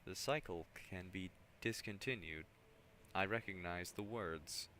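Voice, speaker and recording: Man doing a stiff, zealous tech priest, low voice, sharp tone. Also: a little slow, a little hiss or hum. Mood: pensive. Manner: formal, stiff reading of game dialogue. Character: solemn male tech priest, formal and zealous.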